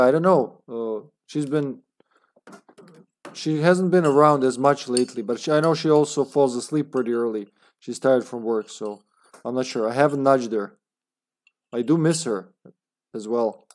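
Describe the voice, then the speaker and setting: A man's voice: mid-range voice, a little mellow. Chatty man streaming a game. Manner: chatty, laughs often, tired but talking fast. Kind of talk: casual live-stream commentary.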